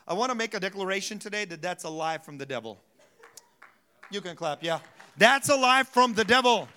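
Pastor guy preaching in church, high bright voice, jokey storytelling, laughs a lot. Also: lively intonation, moderate pace, smooth. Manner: storytelling, self-mocking, laughs often, gets loud. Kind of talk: sermon.

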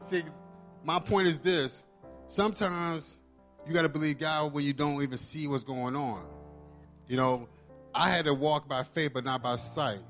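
A man's voice: on the high side, a little slow, fairly bright tone, soft background music. A man preaching a testimony sermon, telling his story casually and acting out the dialogue.

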